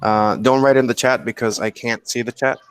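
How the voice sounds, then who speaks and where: Male English teacher, online lecture over a computer mic, patient, explanatory, mid-pitched. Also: fairly even intonation, moderate pace, clear, resonant tone. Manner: patient, explanatory, keeps checking with "okay?". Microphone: computer mic on a video call.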